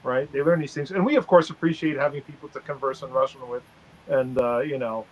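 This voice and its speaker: A man's voice: mid-range voice, steady tone, a little fast, rough recording. A man speaking earnestly in a casual interview, often tagging his points with "right?". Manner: earnest, tags statements with "right?".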